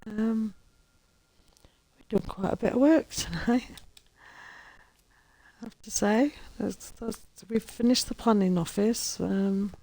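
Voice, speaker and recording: A woman's voice: mid-range voice, takes it slowly, pauses often, mellow. A woman chatting casually to her viewers as she plays a building game and talks to the characters. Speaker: gaming streamer. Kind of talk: casual gameplay commentary.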